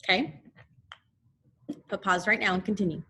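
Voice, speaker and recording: A woman teaching a recorded phonics lesson to second graders, repeating letter sounds slowly so the children can echo her, with frequent encouraging check-ins. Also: medium pitch, fairly even intonation, pushed and bright, husky. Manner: encouraging, checks in often with "okay?".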